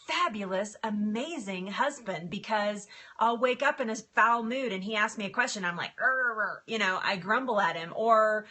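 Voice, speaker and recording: Bright-voiced chatty woman. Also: medium pitch, normal speed. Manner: chatty, emotional, laughs often, reads viewer comments aloud. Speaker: livestream host. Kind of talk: casual live stream chat.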